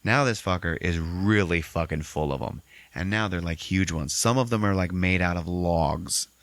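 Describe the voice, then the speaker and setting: A man hosting a podcast, recapping a movie in a casual, profane, animated way and acting out the characters. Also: sits low, normal speed, no room sound. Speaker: podcast host.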